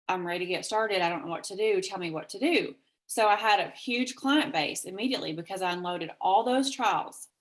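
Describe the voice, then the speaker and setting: Upbeat Kentucky woman pitching on a call. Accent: Southern US, Kentucky. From Kentucky, USA. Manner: energetic, chatty, acts out quoted texts with big pitch jumps. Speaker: network marketing presenter. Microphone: video call.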